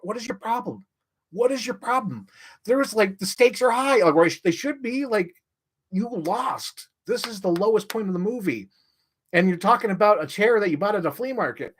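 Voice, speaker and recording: A young man ranting casually on a livestream, rambling with lots of "like" and jumping up in pitch when he gets excited. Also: normal speed, breathy edge. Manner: rambling, heavy use of "like", restarts mid-sentence; animated, voice jumps up when excited.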